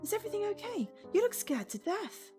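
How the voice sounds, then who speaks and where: A woman voicing a timid, caring young female college student, speaking softly and higher than her usual voice while reading a visual novel aloud. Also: big pitch swings, fairly quick, faint music behind. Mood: worried. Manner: soft, higher and gentler than her narration.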